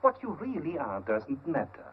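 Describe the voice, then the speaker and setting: An actor playing an ingratiating shopkeeper who coaxes a young woman with soft, smooth talk, in 1930s film acting. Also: on the high side, huge pitch swings, moderate pace. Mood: coaxing. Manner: coaxing, smooth-talking. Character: ingratiating male shopkeeper with a French shop name. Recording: tinny 1930s film soundtrack with hiss.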